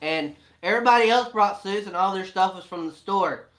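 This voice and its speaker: A man, telling homestead stories in a casual, animated, laughing way. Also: high voice, brisk. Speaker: family homesteader, co-host. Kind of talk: casual storytelling chat.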